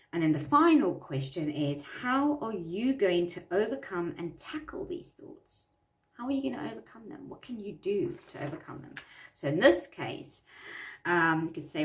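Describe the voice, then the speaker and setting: A woman with a fairly low voice talks earnestly through self-help steps and often repeats her phrases for emphasis. She sits a little back from the mic in an echoey room. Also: distant mic. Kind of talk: talking through a worksheet.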